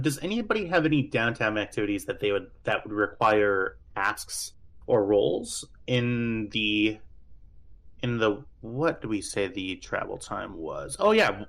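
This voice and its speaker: A man running a tabletop game as game master, halting and full of fillers as he explains. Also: fairly low pitch, very animated, vocal fry, rough recording. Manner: halting, lots of fillers and restarts.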